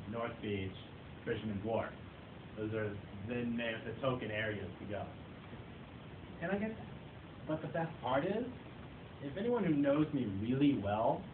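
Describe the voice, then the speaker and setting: A man giving a humorous club speech to a live audience. He tells playful, self-mocking stories about himself. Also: mid-range voice. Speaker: club speaker. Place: meeting room with an audience. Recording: tinny echoey far-off recording, noisy.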